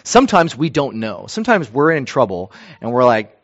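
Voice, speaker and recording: A man's voice: medium pitch, very animated, normal speed, fairly bright tone, lo-fi sound. A man preaching a sermon in an earnest, emphatic way, repeating phrases for weight.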